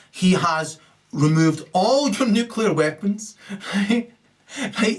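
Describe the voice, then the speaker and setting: A man delivering a rambling solo rant, swearing heavily and tagging "right?" onto his sentences, lurching from loud high bursts to low mutters. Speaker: solo video commentator.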